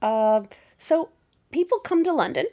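A woman's voice: high voice, lively intonation, unhurried, mellow. Bubbly woman host. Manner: bubbly, teasing, laughs often. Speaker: podcast host. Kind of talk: casual interview chat.

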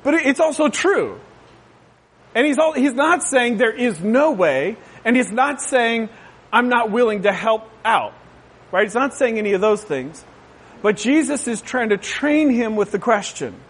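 Casting note: high-pitched male pastor, chatty sermon, joking asides, keeps asking the crowd if they agree. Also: lively intonation, moderate pace, slightly rough. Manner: conversational, asks the crowd "right?"; jokey asides.

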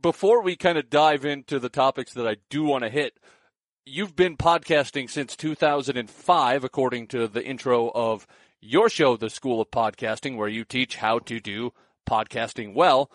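A man's voice: mid-range voice, moderate pace, no echo. A man hosting a podcast, asking curious questions with light jokes. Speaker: podcast host. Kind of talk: casual interview questions.

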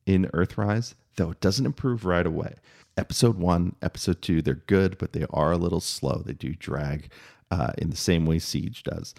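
A man talking through a spoken review, opinionated and measured, with frequent fillers and restarts. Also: low-pitched, creaky, a little mellow.

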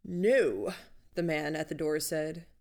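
A woman reading a first-person story aloud in an even, measured storytelling manner. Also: low-pitched. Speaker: audiobook narrator. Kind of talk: first-person audiobook narration.

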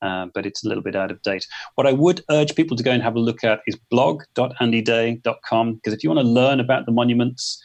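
A man's voice: medium pitch, quick pace, few pauses, a little mellow. A man, a photographer guest talking thoughtfully in a casual interview, with frequent restarts. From England. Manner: thoughtful, hesitant, many restarts.

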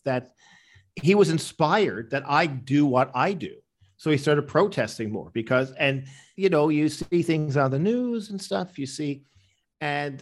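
Rambling man telling stories. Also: medium pitch. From Canada. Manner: rambling storyteller, acts out quoted people. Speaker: interview guest, comedian. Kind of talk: anecdotal interview answers.

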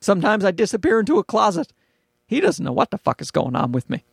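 A man's voice: high-pitched, wildly swooping pitch, quick pace, vocal fry, slightly rough, dry recording, clean studio sound. A young man hosting a podcast alone, rambling and swearing in a self-mocking, casual monologue. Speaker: podcast host. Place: small closet at home. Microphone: podcast microphone.

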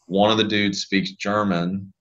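A man in his thirties with a very low voice chats as a podcast guest. He tells loose, rambling stories in a laid-back way. The audio is a bit dull and lo-fi. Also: little pitch movement, unhurried, a bit bright. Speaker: guest, pelvic health physical therapist. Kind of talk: casual podcast conversation.

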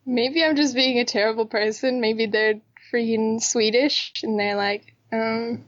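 A woman's voice: on the high side, fairly even intonation, a little slow, few pauses, dry recording, muffled recording. A woman co-hosting a casual podcast chat, candid and joking, with lots of slang. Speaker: podcast co-host. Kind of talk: casual chat reviewing a TV drama.

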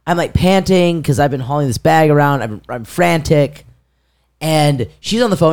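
Man, podcast co-host, lively storyteller, swinging pitch, does voices in his anecdotes. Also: moderate pace. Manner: animated, acts out quoted voices, laughs mid-story. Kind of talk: casual storytelling chat.

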